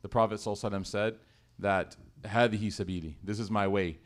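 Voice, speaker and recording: A man with a fairly low voice tells a heartfelt story and then explains scripture in a relaxed religious discussion. He recites Arabic verses fluently and speaks in an earnest, teacherly way. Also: very fast. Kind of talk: casual religious talk.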